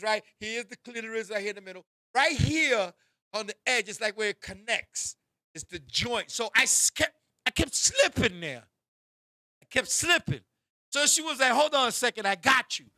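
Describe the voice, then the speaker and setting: High, sharp-voiced man telling raunchy stories. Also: no room sound, clean studio sound. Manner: animated, bursts into shouting, keeps addressing a co-host. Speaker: show host. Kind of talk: raunchy comedic storytelling.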